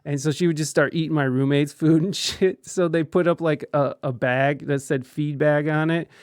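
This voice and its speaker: Brief: slightly high-voiced male host, candid and profane storyteller, dry close sound. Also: fairly even intonation, normal speed, darkish tone, clear, resonant tone, no echo. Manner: candid, profane, laughs often through the story. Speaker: podcast host. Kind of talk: casual storytelling.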